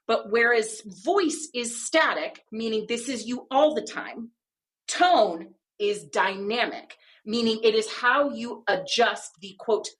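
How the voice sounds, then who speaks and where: A woman's voice: a little high, fairly bright tone. A woman co-hosting a podcast, explaining ideas in an emphatic, playful way with many rhetorical questions. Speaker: podcast co-host.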